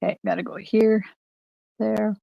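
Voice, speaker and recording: A woman's voice: mid-range voice, level tone, unhurried, vocal fry, mellow, dry recording, highs cut off. An older woman hosting a live crafting demonstration from her home craft room, chatting casually and greeting viewers by name. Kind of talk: live-streamed crafting demo.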